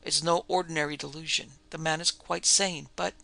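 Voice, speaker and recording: A woman's voice: deep voice, fairly even intonation, normal speed, creaky, bright, forceful tone, heavily acted. A man voicing an earnest, anxious Swedish lady in a classic ghost story reading, who speaks hesitantly and searches for her words. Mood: earnest, worried.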